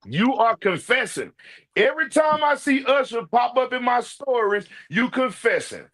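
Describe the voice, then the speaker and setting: A man's voice: very high-pitched, very animated, normal speed, a bit bright. A man giving casual ranting commentary, brash and profane, calling people out directly. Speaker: online commentator.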